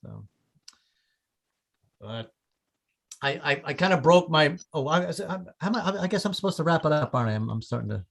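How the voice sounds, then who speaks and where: A man doing an open mic stand-up set, stammering and repeating words, often breaking into loud voices for his relatives. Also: a little high, lively intonation, normal speed, vocal fry, long pauses. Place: small comedy club with audience.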